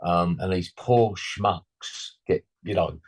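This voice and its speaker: A man's voice: low voice, takes it slowly, slightly rough. A man in his sixties, a musician guest, rambling and blunt in casual interview chat, full of "you know" and slangy asides.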